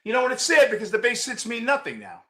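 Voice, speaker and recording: A man in his sixties with a New York accent, hosting a fan postgame show, ranting bluntly and profanely and often shouting while he answers viewers' chat. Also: very high-pitched, wildly swooping pitch, quick pace. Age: 60s.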